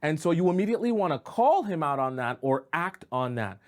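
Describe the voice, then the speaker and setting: A man's voice: on the high side, very animated, brisk, a little mellow. A man giving relationship advice as a coach, talking casually and checking in with "right?" and "okay?" as he acts out examples. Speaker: dating coach. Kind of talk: advice monologue to camera.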